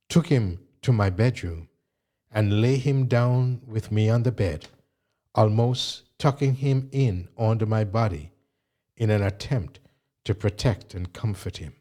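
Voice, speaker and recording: A man reading a memoir aloud in a measured, even narration. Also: on the low side. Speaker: audiobook reader.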